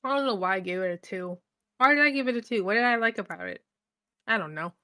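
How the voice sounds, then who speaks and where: A young woman casually recapping a book she read, chatty and full of fillers, retelling the plot in an animated way. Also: mid-range voice, quick pace. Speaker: book reviewer. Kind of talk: casual chat.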